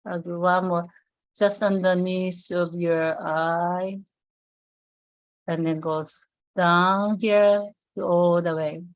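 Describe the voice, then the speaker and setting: A woman giving a live skincare demonstration over a video call, explaining step by step in a halting way with many fillers and restarts. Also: fairly low pitch, fairly even intonation, lo-fi sound.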